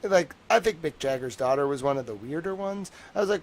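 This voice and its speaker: With an expressive voice on the high side, a young man hosting a livestream chats a little fast and wanders from topic to topic. Fillers such as "like" and "I don't know" abound, and he laughs wryly between stories.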